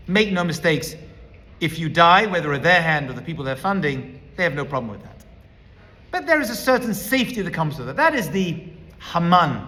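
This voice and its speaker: Male rabbi, emphatic teacher, sharp bright tone, long hall reverb. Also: high voice. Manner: emphatic, lecturing, builds points as a numbered list. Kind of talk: teaching talk.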